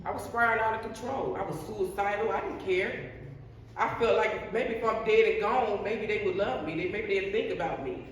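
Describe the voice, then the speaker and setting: A woman's voice: mid-range voice, normal speed. Middle-aged woman telling her life story, earnest and repetitive, heard from a distance in a reverberant hall. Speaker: guest sharing life story. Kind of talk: personal testimony. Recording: echoey hall, distant mic, faint noise.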